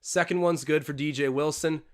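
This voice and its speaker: A young man streaming live commentary on a basketball game from home, his voice sitting a touch higher than most men's. He gets excitable, jumping up in pitch and loudness when a big play happens, then settles back into casual chat. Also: moderate pace. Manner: excitable, jumps up in pitch and volume on big plays. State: out of breath. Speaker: livestream host doing game commentary. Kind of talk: live sports watch-along commentary.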